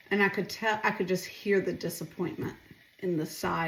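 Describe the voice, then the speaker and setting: A woman's voice: fairly low pitch, steady tone, moderate pace, creaky, reverberant, a little hiss or hum. A middle-aged woman chatting casually while she cooks, rambling and asking viewers questions. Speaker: home cooking vlogger. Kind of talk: casual chatty cooking vlog. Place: home kitchen.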